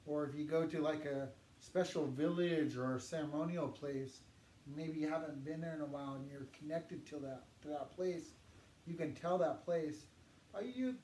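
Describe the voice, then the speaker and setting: A man teaching a language lesson, patiently saying words slowly for learners to repeat. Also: on the high side, fairly even intonation, dark tone. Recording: echoey room with faint noise.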